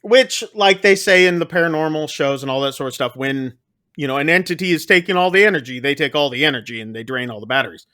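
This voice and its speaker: A podcast host with a slightly high voice and quick pace casually recaps a horror movie scene by scene. He's animated, acting out the characters' lines.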